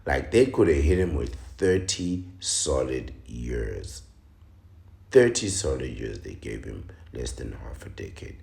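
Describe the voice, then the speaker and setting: Very deep, gravelly man in an echoey room. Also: big pitch swings. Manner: slow, dramatic, mocking delivery with sudden loud exclamations. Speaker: commentary channel host. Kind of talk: commentary reading and reacting to a news article.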